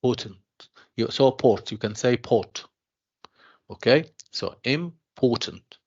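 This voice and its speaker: A man teaching an English pronunciation class online, speaking slowly and repeating himself, mixing in explanations. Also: medium pitch, a little mellow, husky. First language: Arabic. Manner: slow, repeats himself, calls students "dear students", mixes in Arabic explanations. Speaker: university English tutor. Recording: dull lo-fi online class audio.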